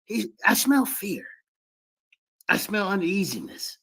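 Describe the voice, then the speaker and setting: A man taunts his opponents in live commentary on debate clips, boastful and repetitive, calling out to his viewers. His voice sits high and lively, swooping up and down with a gravelly edge. He sounds cocky and relentless. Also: slow. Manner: boastful, mocking, repetitive, addresses chat as "y'all". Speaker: streamer reacting to debate clips. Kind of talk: trash-talking live commentary.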